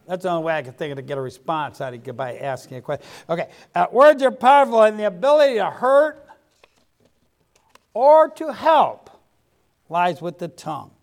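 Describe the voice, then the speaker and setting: A man's voice: high-pitched, big pitch swings, moderate pace. A middle-aged man preaching a sermon in a folksy way, dropping frequent amens to the congregation. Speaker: pastor.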